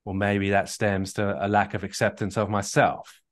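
Low-voiced man coaching on a call. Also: flat delivery, normal speed. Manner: earnest, repetitive restarts, storytelling. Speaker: marriage coach.

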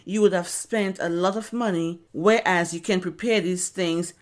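A woman's voice: lowish voice, fairly even intonation, moderate pace. Earnest woman preaching. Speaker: podcast co-host. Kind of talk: devotional teaching. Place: studio.

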